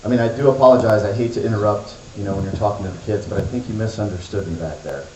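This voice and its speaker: A man's voice: fairly low pitch, fast talker, muffled recording, noisy background. A man teaching at a children's church, easygoing and friendly as he talks with the kids. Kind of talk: casual talk, then storytelling to kids. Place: church hall before a crowd of kids. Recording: echoey hall.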